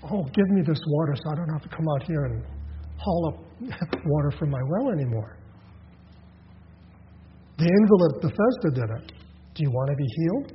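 A man with a fairly high voice preaching a sermon in a church hall, telling scenes with lively voiced asides and frequent restarts. The sound is dull and lo-fi, with a long reverb trailing each phrase and a faint hiss underneath. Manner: animated retelling with quick voiced asides and many restarts. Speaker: pastor.

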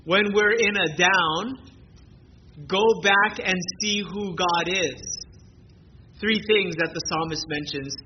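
A man with a high voice preaches a sermon with passion, hammering home repeated phrases. The recording is dull and muffled. A steady noise sits clearly under his words. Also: slow. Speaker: pastor.

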